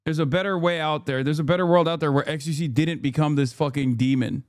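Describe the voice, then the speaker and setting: A man's voice: fairly high pitch, steady tone, fast talker, no echo, clean studio sound. A man reacting to clips on a stream, ranting in a profane, sarcastic way. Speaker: political streamer.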